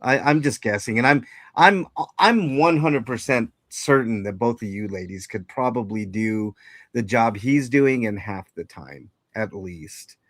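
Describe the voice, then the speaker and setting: A man's voice: medium pitch, a little slow, fairly bright tone, dry recording, clean studio sound. A man hosting a casual livestream chat, greeting viewers and rambling with many fillers and restarts. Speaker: livestream host.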